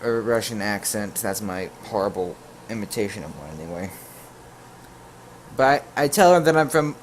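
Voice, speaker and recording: A man's voice: lowish voice, expressive, normal speed, slight background noise. Jokey man telling a storytime tale. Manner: jokey, full of asides and self-corrections. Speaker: YouTube storyteller. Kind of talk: casual storytime narration.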